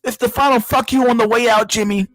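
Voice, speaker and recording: Guy putting on a high nasal cranky old boomer, sneering at the kid, dry mic. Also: steady tone, fast talker, a bit bright, dry recording, faint music behind, low-quality recording. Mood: taunting. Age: older. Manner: taunting, sneering. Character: spiteful old male boomer taunting his grandson.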